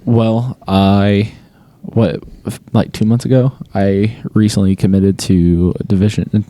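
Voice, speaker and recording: A man's voice: lowish voice, fairly even intonation, slow pace, warm tone, dry recording. A young man, a student athlete, chatting casually in an interview with a laid-back, rambling manner and lots of fillers. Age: young adult.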